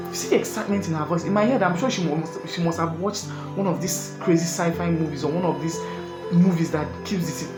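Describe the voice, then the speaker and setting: A young man telling a comic breakup story in an animated, exasperated, rambling way. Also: high-pitched. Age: young adult. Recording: echoey room, music behind.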